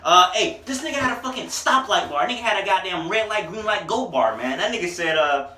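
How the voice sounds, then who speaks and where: A young man giving a casual, profane, excitable album review, laughing at his own jokes. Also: high-pitched, brisk, distant mic. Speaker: music reviewer. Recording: echoey room, voice away from mic.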